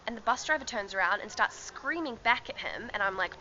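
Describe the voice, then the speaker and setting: A woman's voice: a little high, animated, fairly quick, few pauses, bright, forceful tone, muffled recording, slight background noise. A young woman telling a travel story to her camera in a chatty vlog, laughing often and filling with ums and likes. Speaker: travel vlogger. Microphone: handheld camera.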